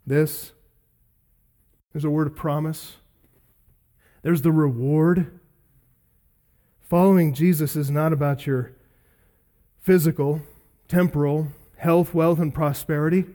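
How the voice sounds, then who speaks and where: A male pastor preaching an expository sermon, emphatic, building through repeated lists and slowing down on key words. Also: on the high side, fairly even intonation, warm tone.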